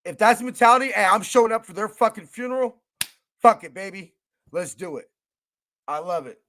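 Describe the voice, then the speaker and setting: A young man hosts a fan radio show as a podcast host, his high, sharp voice fast and expressive, with slight background noise. His casual monologue is profane, emotional, and hyped-up.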